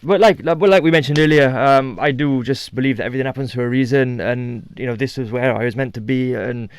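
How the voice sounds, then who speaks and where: A man's voice: medium pitch, quick pace, clear, resonant tone, no room sound. A man in his thirties from the UK, a TV host talking casually as a radio guest, chatty with lots of fillers and restarts. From United Kingdom.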